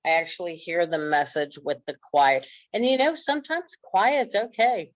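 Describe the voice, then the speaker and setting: A woman's voice: on the low side, moderate pace, no echo, poor audio. A woman telling stories in a casual, earnest podcast chat. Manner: earnest, animated storytelling.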